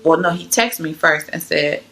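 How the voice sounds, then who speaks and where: A woman's voice: low voice, normal speed, fairly bright tone. A young woman from Georgia, telling her personal testimony in a chatty, loose way full of fillers. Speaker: vlogger sharing her testimony. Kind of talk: casual personal storytelling.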